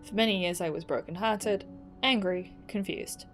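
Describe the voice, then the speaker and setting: A woman at mid pitch plays through a story game and reads each letter aloud in her own voice. She keeps cutting in with playful asides and laughter, and faint music sits under her voice. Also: normal speed. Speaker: game streamer. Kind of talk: casual let's play, reading in-game letters aloud.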